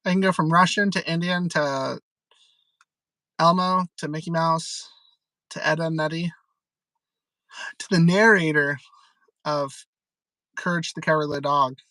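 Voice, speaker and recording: A man hosting a live stream, rambling and giggling. His voice is bright and forward. The recording is close and dry. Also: on the high side, steady tone, measured pace, pauses often, no room sound, poor audio. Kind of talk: casual live-stream chat.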